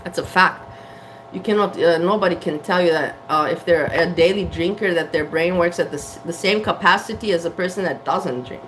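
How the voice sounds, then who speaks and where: A woman's voice: on the low side, brisk, a little hiss or hum, poor audio. A woman vlogging candidly to camera from her kitchen, frank and blunt, swearing and laughing at herself. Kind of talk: candid casual talk to camera. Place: home kitchen.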